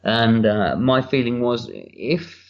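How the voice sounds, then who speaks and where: A man's voice: mid-range voice, lively intonation, slow, lo-fi sound. A man talking candidly and at length as a director's commentary, rambling and cursing casually, recorded at home. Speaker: writer-director giving commentary. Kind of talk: relaxed audio commentary. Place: home room.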